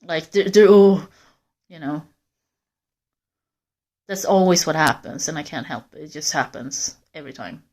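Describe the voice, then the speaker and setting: A woman's voice: deep voice, animated, measured pace, long pauses, darkish tone. Candid woman rambling to live-stream viewers. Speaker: livestreamer. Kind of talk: casual live-stream chat. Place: walking outdoors in a forest.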